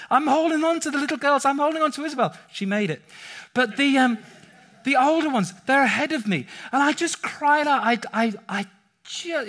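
Animated man preaching a sermon. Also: high-pitched. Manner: animated storytelling, rising to cries at dramatic moments. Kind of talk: sermon with personal story.

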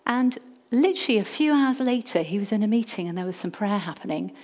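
A middle-aged woman preaching to her congregation with lively, humorous energy. She has an everyday mid-pitched voice and brings the room in by getting them to repeat words back to her. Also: fast. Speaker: church leader. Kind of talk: sermon.

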